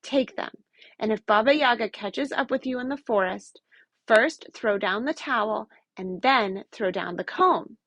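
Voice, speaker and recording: Woman doing a calm, measured talking cat for a storybook. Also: fairly high pitch, no echo, lo-fi sound. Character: loyal house cat, calm and resentful.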